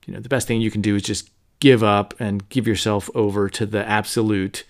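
A man's voice: on the low side, flat delivery, a little fast, close to an everyday voice. A man paraphrasing a snide, know-it-all male talking bird in a dismissive tone, close to his own voice. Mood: scoffing. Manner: dismissive, scoffing.

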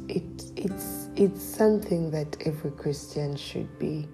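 A woman's voice: sits low, a little slow. Earnest woman giving spiritual encouragement. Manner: earnest, exhorting, laughs often, drops to near-whispers. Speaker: Christian podcast host. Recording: music playing behind.

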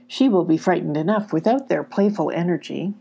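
A woman voicing Shine, a calm, soothing, motherly magical dog in a storybook. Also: fairly low pitch, brisk, vocal fry, slightly rough.

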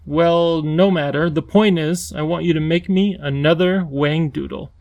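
Guy doing a lispy bouncy creature king, higher than his normal voice, a bit gravelly, storybook style. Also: a little slow, dull audio. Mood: eager. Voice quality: lisping. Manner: excitable, bouncy, pleading. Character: lonely eager male Wangdoodle king creature.

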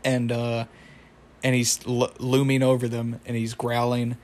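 A man's voice: medium pitch, monotone, unhurried, darkish tone. A man casually recapping a cartoon episode, rambling with frequent laughs. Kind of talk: casual chat.

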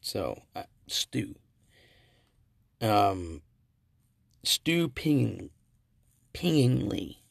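A male podcast host with a low, gravelly voice and a husky edge. He rambles through stories in casual chat, correcting himself and chuckling as he goes. The sound is dry and close, like a home mic with no room behind it. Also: very animated, drawn-out words, pauses often, dry recording. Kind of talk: casual solo podcast commentary.

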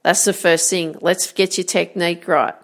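A woman's voice: lowish voice, steady tone, normal speed. A woman hosting a motivational podcast as a golf coach, talking earnestly and encouragingly and repeating her key phrases.

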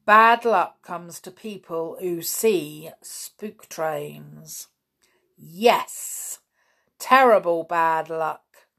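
A woman voicing a gloomy, superstitious middle-aged farmer who gives heavy, drawn-out warnings in a storybook reading. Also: on the low side, fairly bright tone, heavily acted. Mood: ominous.

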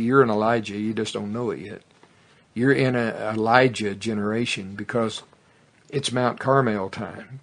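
A man preaching a fervent sermon that builds to loud exclamations, then leads a prayer. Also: on the low side. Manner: fervent, rising to exclamations, tongues.

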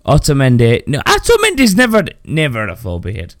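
A man's voice: medium pitch, huge pitch swings, fairly quick, no room sound, clean studio sound. A man hosting a casual podcast, ranting brashly and swearing freely. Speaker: podcast host.

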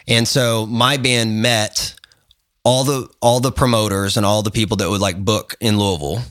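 A guest photographer on a podcast tells a long, rambling story in a casual interview, full of fillers and restarts, animatedly acting out the other people. His voice is on the low side at a moderate pace, with a dry, clean studio sound.

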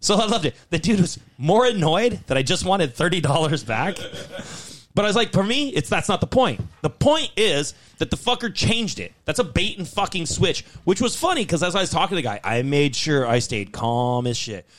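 A man's voice: a little high, big pitch swings, moderate pace. A man on a podcast telling a heated story in a casual, profane rant. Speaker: podcast host.

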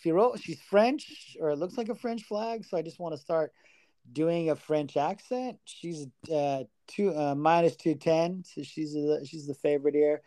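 A man's voice: on the high side, measured pace, warm tone, no room sound. A man co-hosting a casual sports betting podcast, talking loosely, swearing freely and stumbling over fighters' names. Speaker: podcast co-host.

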